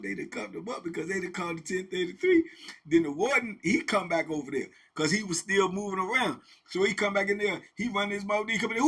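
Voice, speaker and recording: An animated man telling a story, his voice high, bright and husky. He talks casually in slang and repeats his lines for emphasis. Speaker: host and storyteller.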